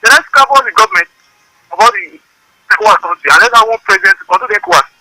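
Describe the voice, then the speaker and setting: A man's voice: high-pitched, sing-song, racing, gravelly, sharp tone, no echo, rough recording. A man calling in by phone, rambling and hard to follow, pushing his points harder as he goes. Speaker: phone-in caller. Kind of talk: call-in comment. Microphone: phone line.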